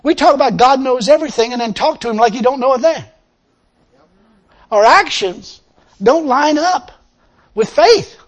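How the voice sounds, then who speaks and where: A man preaching a lively sermon to a responding congregation, laughing often and acting out the people he quotes. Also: very high voice, moderate pace, pauses often. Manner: animated, laughing, acts out quotes. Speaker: pastor.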